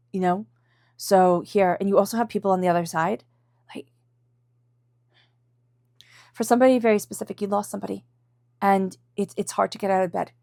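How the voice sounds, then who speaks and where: A woman's voice: medium pitch, vocal fry, mellow, no room sound, clean studio sound. Chatty woman giving a tarot reading. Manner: chatty, reassuring, acts out quoted thoughts, laughs often. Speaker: tarot reader. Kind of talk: casual tarot reading to camera.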